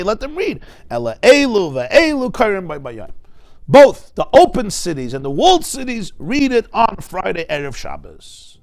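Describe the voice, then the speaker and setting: A man teaching a Talmud class. He swings between loud emphatic bursts and quiet asides, and asks the class rhetorical questions. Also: high-pitched.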